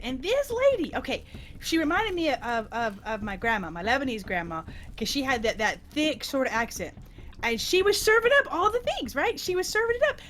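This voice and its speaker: Animated, high-voiced woman telling a story. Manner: animated, giggly, talkative, many restarts. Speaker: co-player and storyteller on a game stream. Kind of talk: casual storytelling chat during gameplay.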